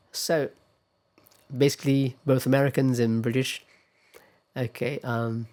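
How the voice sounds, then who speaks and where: Slow-speaking male lecturer. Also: medium pitch, flat delivery, a little mellow. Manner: patient, explains step by step, asks the class questions. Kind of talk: classroom lecture on pronunciation.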